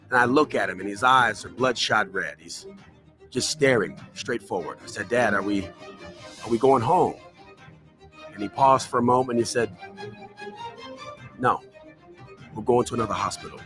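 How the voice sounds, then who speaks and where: A man speaking as a motivational speaker, recounting a personal story with dramatic pauses and by voicing the people in it. His voice sits at an ordinary middle pitch, and soft music plays faintly underneath.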